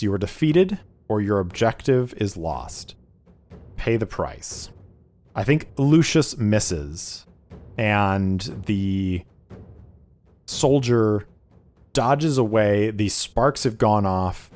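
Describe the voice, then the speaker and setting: A man narrating a solo tabletop game as game master and reading rules aloud in a measured way. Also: on the low side, a little mellow.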